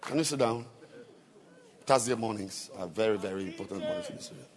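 A man preaching a sermon. He swings between soft asides and loud exhortation. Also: lowish voice, brisk, noisy background. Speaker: pastor.

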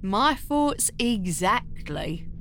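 A woman playing a street-seller narrator who tells the story deliberately and grows exasperated with her partner. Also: mid-range voice, big pitch swings, fairly bright tone, slight background noise, heavily acted.

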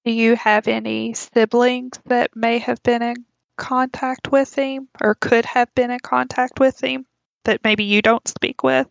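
A woman playing a tabletop game, asking questions in a flat, plain manner. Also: on the high side, measured pace, creaky, no echo, lo-fi sound. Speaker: player.

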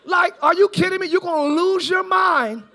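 High-voiced man preaching a lively sermon. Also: moderate pace. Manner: animated preaching, often shouting, playful asides. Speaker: pastor. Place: large church, live service.

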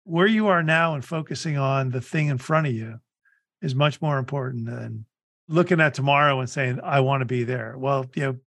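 A middle-aged man hosting a podcast, talking in a relaxed, casual way. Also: mid-range voice, vocal fry. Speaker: podcast host. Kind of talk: casual chat.

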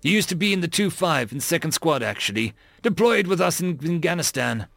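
A man voicing a sober male Marine who explains things in a measured way. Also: a little high, big pitch swings, vocal fry, a bit bright, no room sound, pitched above the performer's own voice, exaggerated voice. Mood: somber.

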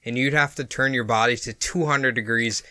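A man with a bright, forward voice co-hosts a casual podcast. He reads from his notes in a relaxed way and often breaks into small chuckles mid-sentence. The sound is dry and close, with no room around it. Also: mid-range voice, fairly quick, no echo. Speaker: podcast co-host presenting the topic. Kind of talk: casual chat mixed with reading notes aloud.

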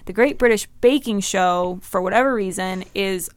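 Brief: female podcast co-host, mid pitch, smooth clear tone, eager recommender. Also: normal speed, no room sound. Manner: enthusiastic recommending. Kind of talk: casual chat.

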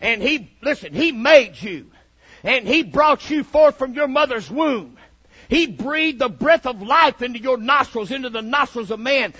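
A man preaching a fiery sermon, swinging from shouted lines to low, mocking asides. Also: lively intonation, a little slow, slightly rough. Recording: dull lo-fi recording.

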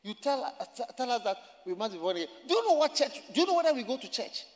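A man's voice: very high voice, sing-song, quick pace, voice pushed up. A preacher doing an angry man. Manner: shouting, scolding, repeating himself. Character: indignant proud man shouting at a stranger. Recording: echoey hall reverb.

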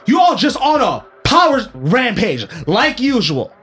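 Man playing a defiant mother, high-pitched and loud, indignant. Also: wildly swooping pitch, measured pace, breathy edge, heavily acted. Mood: furious. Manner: shrill, indignant, accusing. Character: Darlene, a shrill defiant mother.

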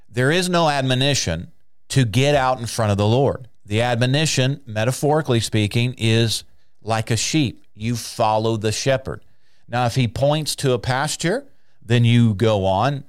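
A man delivering a sermon in an earnest, exhorting way, circling back on phrases for emphasis. His voice is smooth and resonant, recorded close and dry with no room sound. He sits at an ordinary, mid-range pitch. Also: dry recording. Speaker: preacher.

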